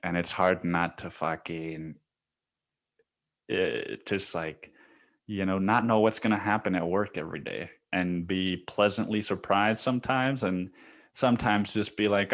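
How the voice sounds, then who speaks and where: A man's voice: low voice, fairly even intonation, a little slow, fairly bright tone. A male podcast host telling a story in a casual, profane way, laughing often and saying "dude" a lot.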